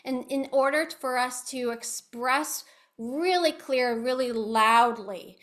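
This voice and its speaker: A woman with a high, bright, sharp-edged voice gives an online talk as a speech therapist. She speaks over a video call and walks her listeners step by step through exercises. She stays patient and instructive throughout. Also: slow pace. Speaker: speech-language pathologist. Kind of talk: online educational presentation.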